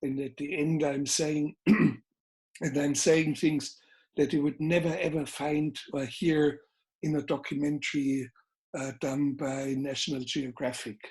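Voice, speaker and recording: A man's voice: a little high, flat delivery, a little mellow. Older man with a Bavarian German accent. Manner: measured, deliberate, emphatic phrasing. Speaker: guest filmmaker. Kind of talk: interview conversation.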